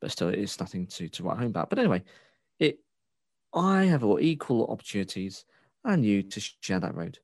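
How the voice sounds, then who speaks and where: A man's voice: fairly low pitch, big pitch swings, a little fast, a little mellow, no echo, studio quality. A man co-hosting a casual chat, ranting and swearing as he rambles with many restarts. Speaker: podcast co-host.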